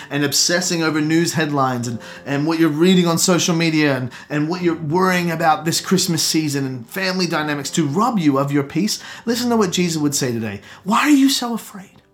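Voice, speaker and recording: Earnest male preacher over soft music. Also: fairly high pitch. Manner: earnest, emphatic, slows down to stress scripture. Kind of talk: sermon.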